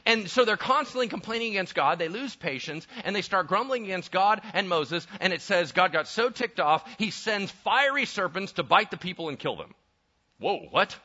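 A man preaching a lively sermon, conversational and full of rhetorical questions. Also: sits high, brisk, few pauses. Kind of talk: animated sermon with acted-out voices. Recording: dull lo-fi sound.

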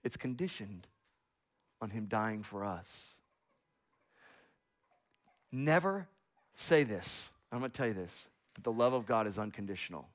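A man in his thirties preaching a sermon as a pastor, earnest, swinging from slow emphatic stresses to hushed, soft passages. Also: on the low side, lively intonation.

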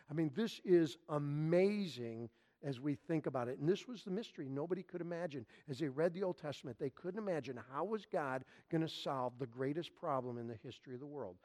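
A male pastor preaching a sermon, emphatic and repetitive, leaning hard on key phrases with slow stress. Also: on the high side, a little mellow.

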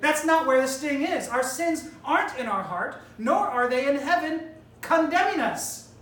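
High-voiced woman preaching in a roomy hall. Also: expressive, unhurried, fairly bright tone. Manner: emphatic, rhetorical, addresses death directly. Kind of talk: sermon. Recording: roomy hall, distant mic, faint ambience.

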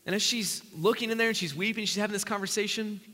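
A man's voice: high-pitched, fairly even intonation, fast, pushed and bright. A man preaching a sermon as pastor, earnest and conversational, acting out the people in the story as he goes. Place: church sanctuary. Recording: long church reverb.

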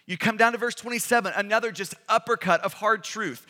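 A man's voice: high voice, a little fast, hardly any pauses, sharp tone. A male pastor preaching a sermon, reading scripture with emphatic, dramatic delivery. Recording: long hall reverb.

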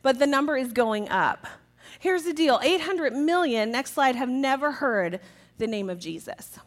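A woman giving a jokey, lively talk to a church audience about children's ministry, acting out quotes in a raised voice. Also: high voice, a little slow.

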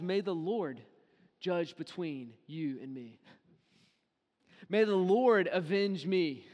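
A man preaching a sermon, telling the story in a lively casual way and acting out the quoted lines of the figures. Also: high-pitched. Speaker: pastor. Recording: long hall reverb.

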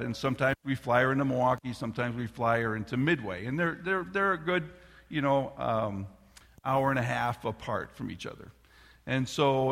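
Middle-aged guy preaching, bright sharp voice, lots of hall reverb, tells stories and quizzes the crowd. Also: medium pitch, creaky. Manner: animated storyteller who addresses the congregation. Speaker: pastor. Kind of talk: sermon. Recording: long reverb of a large hall.

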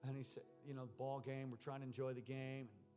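A man's voice: medium pitch, fairly even intonation, fast, dark tone, faint music behind. A man preaching a personal testimony in church, earnest and emotional. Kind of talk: sermon testimony.

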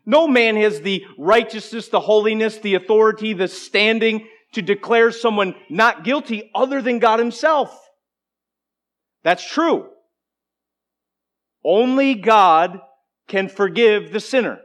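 A man preaching a sermon, moving between emphatic declarations and hushed, conversational asides to the congregation. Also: high-pitched, a little slow. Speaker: pastor.

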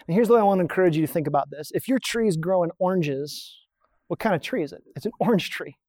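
A pastor talks a congregation through a diagram in a relaxed, conversational sermon. The voice sits in a middle register and is recorded dry and close, with no room echo. Questions are posed and then answered in a plain teaching manner. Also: medium pitch, quick pace. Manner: explains points on a drawn diagram, asks rhetorical questions.

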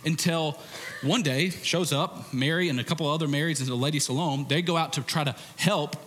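A male preacher giving an animated, conversational sermon with frequent restarts. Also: a little high, fairly quick. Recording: reverberant hall.

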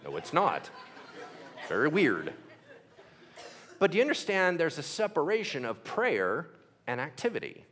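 A man's voice: on the high side, wildly swooping pitch, a little slow, long pauses, fairly bright tone, a faint crowd. A man preaching a sermon, telling the stories animatedly with sound effects and acted-out quotes.

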